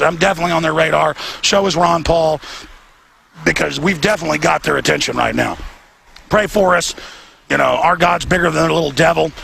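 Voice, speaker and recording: A man's voice: fairly high pitch, vocal fry, bright, forceful tone, a little hiss or hum. A male host giving fervent, repetitive on-location commentary outdoors. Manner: fervent, rapid, repetitive ranting. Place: outdoors outside an event venue.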